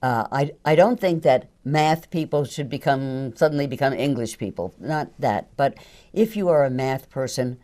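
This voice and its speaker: Older female guest, low register, easygoing, self-mocking. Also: lively intonation, normal speed, hardly any pauses, mellow. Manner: chatty, laughs often, self-deprecating. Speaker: voice actress guest. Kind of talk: casual interview chat.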